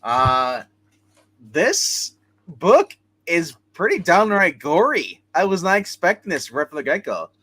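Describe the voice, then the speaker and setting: A man hosting a casual comic book chat, retelling stories in a rambling, animated way. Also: a little high, takes it slowly, husky. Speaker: comic book show host.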